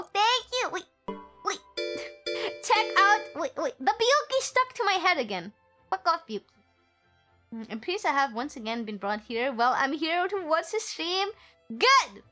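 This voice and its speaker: A woman's voice: high-pitched, bright, forceful tone. A young woman streaming a game, chatting in a bubbly, giggly way with her viewers. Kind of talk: casual live-stream chat.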